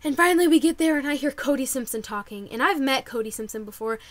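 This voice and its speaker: A young woman telling a story to camera in casual vlog chat, excitable and full of "like". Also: high voice, fast talker. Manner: bubbly, excitable, lots of "like" and quoted reactions. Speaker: vlogger.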